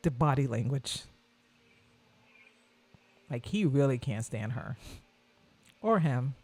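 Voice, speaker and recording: A woman vlogger giving casual reaction commentary on a video, animated and scornful, repeating her points. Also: very deep voice, slow pace.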